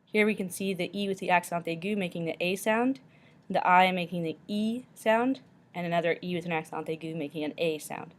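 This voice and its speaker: A woman teacher giving a recorded pronunciation lesson, modeling each word slowly and carefully, often saying it twice. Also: fairly low pitch.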